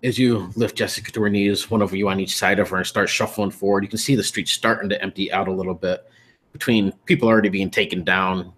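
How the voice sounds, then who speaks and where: A man's voice: deep voice, a bit bright. A man running a horror tabletop game as game master, narrating grisly scenes with casual fillers.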